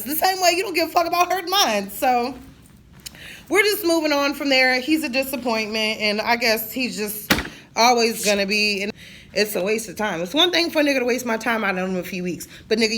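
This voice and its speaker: Woman, thirties, casual vlog rant, blunt and cussing, higher-pitched voice. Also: a bit bright. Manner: blunt, profane, joking storytelling. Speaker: vlogger. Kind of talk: casual venting monologue.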